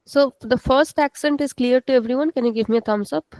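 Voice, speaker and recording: A woman's voice: sits high, a little mellow, no room sound, rough recording. Patient woman teaching an online class. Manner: slow, patient, repeats words for students. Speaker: Portuguese language teacher. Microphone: video call.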